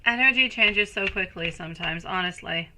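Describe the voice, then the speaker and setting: A woman in her thirties doing a live tarot reading, soft and soothing, calling viewers sweetie and turning bubbly when she greets the chat. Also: lowish voice, moderate pace, background noise. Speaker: tarot reader.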